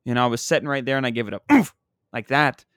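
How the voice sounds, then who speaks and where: A man's voice: mid-range voice, fairly even intonation, very fast, fairly bright tone, clean tone, no room sound. Casting: young comic, male, rambling exasperated rant, dry close mic. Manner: exasperated, rambling, self-deprecating. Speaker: comedian. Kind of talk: casual sports rant.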